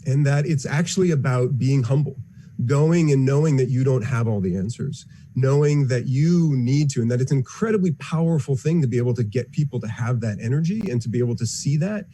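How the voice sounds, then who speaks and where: Enthusiastic man, warm mellow voice. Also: medium pitch, fairly quick, slight background noise. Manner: enthusiastic, earnest. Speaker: futurist and engineer guest. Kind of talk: interview answers.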